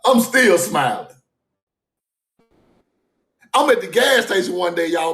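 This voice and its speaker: Man, livestream monologue, higher-pitched voice, very lively pitch, emphatic, laughs often. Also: takes it slowly, pauses often, roomy sound. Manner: animated, emphatic, laughs often, repeats himself. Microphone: phone or streaming mic.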